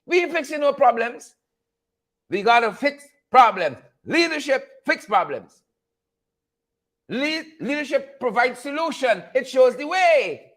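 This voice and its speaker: Guyanese guy going off on a live stream, high voice, sarcastic and preachy. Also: very animated, unhurried, a bit bright. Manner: fired-up, sarcastic, preachy ranting. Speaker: livestream host. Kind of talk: live-stream commentary and rant.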